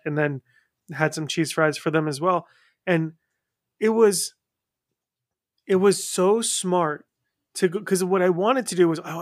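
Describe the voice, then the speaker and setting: A man hosting a podcast interview, chatting casually and telling funny stories with quick voice switches. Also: on the high side, dry recording, studio quality. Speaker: podcast host.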